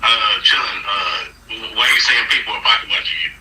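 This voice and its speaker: A man's voice: fairly low pitch, steady tone, fairly quick, bright, forceful tone. A man calling into a talk room, hesitant and stammering as he argues back. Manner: hesitant, stammers before answering. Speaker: caller. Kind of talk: heated call-in argument. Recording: distant call-in line with faint noise.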